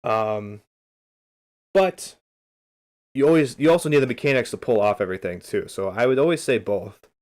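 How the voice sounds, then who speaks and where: A man on a livestream breaks down game replays in a loose, rambling way, talking straight to his chat. His voice sits at an ordinary middle pitch, and he keeps his tone upbeat and easygoing. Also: expressive, moderate pace, long pauses, a little mellow. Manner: upbeat, keeps saying beautiful. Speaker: streamer coaching game replays.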